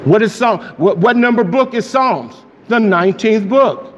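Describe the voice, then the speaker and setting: A man preaching a sermon, excited and emphatic, often asking his listeners questions. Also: sits high, normal speed, dull audio. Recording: long echo of a hall, faint noise.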